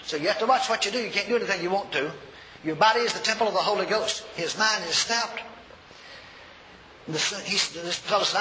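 High, bright preacher in a reverberant hall. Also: male voice, fairly quick. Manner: animated, shouting at peaks, folksy grammar. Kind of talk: sermon storytelling. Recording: long hall reverb, faint noise.

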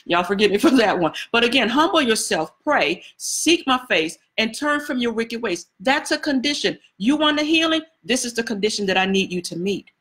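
A woman, a prophetess, preaches a sermon conversationally, repeating phrases and making asides straight to the congregation. Her voice is a little high and fairly bright, expressive, at a moderate pace with few pauses.

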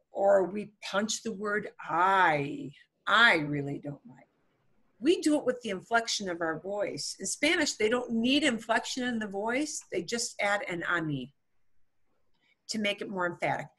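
A woman's voice: medium pitch, expressive, a little slow. A woman teaching a beginner Spanish class, explaining patiently with playful comparisons.

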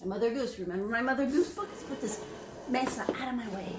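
Preschool teacher, female, high and animated, unhurried and coaxing, recorded in a roomy space. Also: noisy background. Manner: animated, exaggerated teacherly encouragement. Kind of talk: sing-song lesson for young children.

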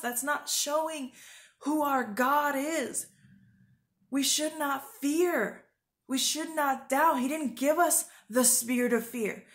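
A woman preaching informally to her viewers, earnest and urgent, rambling with fillers and restarts. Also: sits high. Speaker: Christian video preacher.

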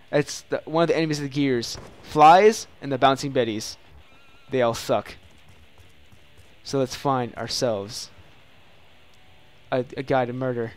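A young man with a fairly high voice talks through a shooter match as he plays, jumping from mumbled asides to excited yelps and theatrical threats. A faint hiss and the game's gunfire sit behind him. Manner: excitable, bursts into loud yelps and dramatic taunts. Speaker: gaming channel host. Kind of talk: live gameplay commentary.

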